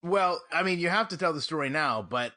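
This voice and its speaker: A man's voice: fairly high pitch, animated, fairly quick, bright, forceful tone, no echo, clean studio sound. A man co-hosting a casual sports podcast, talking with wry, teasing banter. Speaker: podcast co-host.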